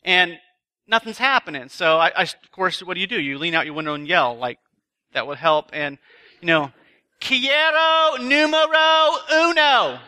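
A man's voice: on the high side, moderate pace, sharp tone. A man speaking at a retreat, telling self-deprecating stories in a chatty sermon to a live audience. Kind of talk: sermon with a humorous personal story. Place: live talk before an audience.

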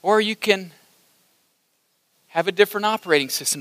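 A man preaching a sermon at a campus ministry gathering, animated and repetitive, leading the crowd in call-and-response. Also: high-pitched, normal speed, long pauses, clean tone, no echo. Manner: animated, repeats phrases, leads audience call-and-response. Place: large hall with balcony.

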